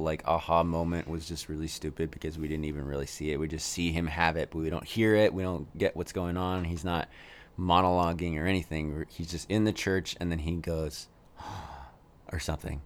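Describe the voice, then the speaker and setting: Deep-voiced man in casual chat. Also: steady tone, brisk. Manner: rambling, filler-heavy, laughs often. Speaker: podcast co-host. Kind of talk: casual chat reviewing a movie.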